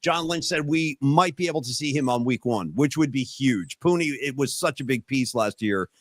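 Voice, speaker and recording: A man's voice: medium pitch, normal speed, no room sound, studio quality. A man co-hosting a casual sports podcast, ranting emphatically about players and contracts. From San Francisco Bay Area. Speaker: podcast co-host.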